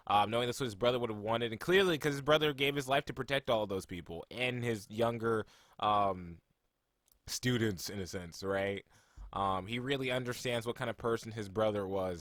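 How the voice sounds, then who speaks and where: Man ranting with a bright, dry voice. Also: lowish voice, no echo. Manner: rambling, emotional, ranting with fillers. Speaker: anime reaction host. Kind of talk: casual reaction commentary.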